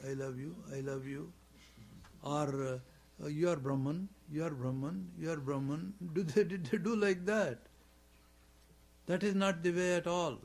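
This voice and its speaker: A man giving a spiritual talk on scripture, chanting in Sanskrit and explaining with repetition and rhetorical questions in slightly imperfect English. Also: on the high side. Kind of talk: sermon on scripture.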